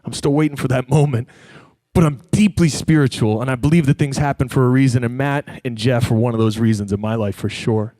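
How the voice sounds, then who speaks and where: A man speaking on stage to a live audience, telling a personal story in an animated way and acting out the voices of the people in it. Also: mid-range voice, fairly quick, no room sound. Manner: animated, acts out quoted voices.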